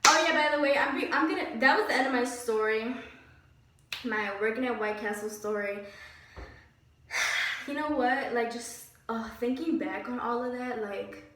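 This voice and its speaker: A young woman vlogger telling a story about a bad job in a casual, animated and indignant way, with lots of "like". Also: a little high, normal speed, long pauses, slight background noise. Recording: very echoey room, slightly distant mic.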